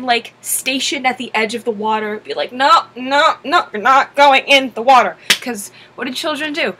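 A young woman with a high voice narrates a story in an animated storytime manner. Her tone is bright and sharp, and she sounds exasperated, jumping into playful acted-out quotes of herself. Lively and expressive throughout. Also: a little hiss or hum. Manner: exasperated, lively, acts out her own lines.

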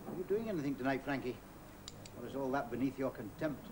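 In a hissy old TV broadcast, an actor with a natural mid-range voice talks fast and expressively. He portrays a teasing, well-read middle-aged factory worker from Scotland, Scottish-accented and wry, with an ironic turn of phrase.

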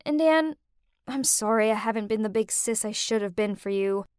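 A woman voicing a teenage older sister who was jealous and bratty, speaking earnestly and apologetically in an animated story. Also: mid-range voice, moderate pace, clean tone, no room sound, studio quality, lightly acted. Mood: apologetic.

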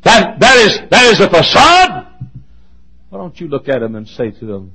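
Male pastor, impassioned sermon, expressive delivery with wild pitch swings, slightly high voice. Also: moderate pace, slightly rough, rough recording. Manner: impassioned, swings from shouts to near whispers; joking asides.

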